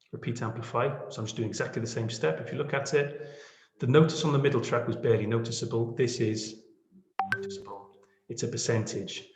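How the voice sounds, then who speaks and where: A man running a webinar tutorial on podcast editing, chatty and self-deprecating, often checking in with the audience. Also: mid-range voice. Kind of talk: screen-share webinar tutorial. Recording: echoey room.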